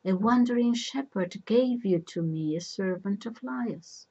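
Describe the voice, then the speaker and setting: A woman voicing a male messenger who speaks in a knowing, insistent way, with a husky voice, in a storybook reading. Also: medium pitch, a little slow, a little mellow, dull audio.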